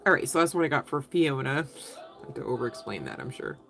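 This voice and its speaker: A woman's voice: a bass voice, sing-song, quick pace, fairly bright tone. A woman doing a casual live tarot reading, chatty and giggly, speaking straight to her viewers. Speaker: tarot reader answering live chat.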